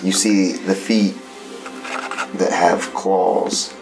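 A man's voice: low voice, flat delivery, drawn-out words, poor audio. A man narrating as game master in a casual tabletop game. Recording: music playing behind.

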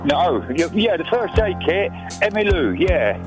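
A man's voice: high voice, very animated, measured pace, loud music behind the voice. A man, a blunt, matey studio colleague at a radio station.

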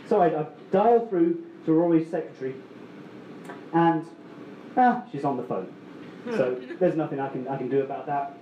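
Male storyteller, mellow and slightly high, rambling; echoey muffled live sound. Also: normal speed, long pauses, slight background noise. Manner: rambling, self-mocking, many restarts. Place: story slam stage.

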